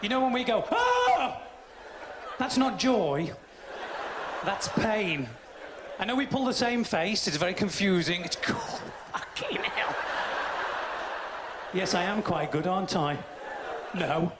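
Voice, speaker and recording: A man's voice: high voice, unhurried, noisy background. A British man doing a crude, cheeky stand-up set in a theatre, acting out voices. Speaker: stand-up comedian. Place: large theatre stage. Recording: roomy live theatre recording. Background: audience laughing.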